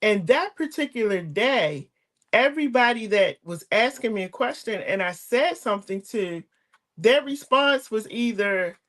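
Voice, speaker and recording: A woman's voice: a little high, animated, measured pace, a bit bright. An older woman hosting an online talk show, telling a personal story in an earnest, emotional way over a video call. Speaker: host.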